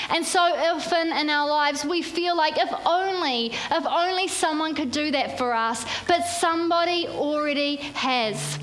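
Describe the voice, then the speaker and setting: A woman's voice: high-pitched, a bit bright, a little hiss or hum. A woman preaching a sermon at a church service, drawing the congregation into call-and-response. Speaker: pastor.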